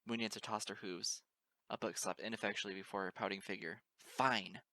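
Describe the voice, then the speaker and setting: A man's voice: lowish voice, steady tone, quick pace, pushed and bright, dry recording. A man reading a fan story aloud as narrator, in plain storytelling. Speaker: reader. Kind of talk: amateur audiobook narration.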